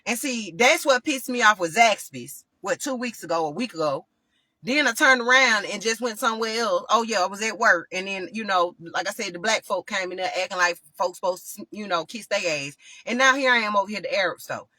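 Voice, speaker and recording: A woman's voice: mid-range voice, lively intonation, fairly quick, sharp tone, no echo. Heated, profane woman vlogger. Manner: heated, profane, addresses viewers as y'all. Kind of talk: casual storytelling rant to camera.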